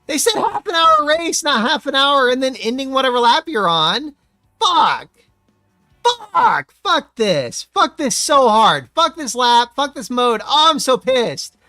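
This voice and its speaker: A man commentating his own racing game live, swearing freely in an exasperated rant with sudden shouted bursts. His bright voice rises and falls all over, and it sits very dry and close to the mic. Faint game music plays underneath. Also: extremely high pitch, very animated, unhurried, no echo. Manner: profane, exasperated ranting with sudden yelled outbursts. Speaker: streamer.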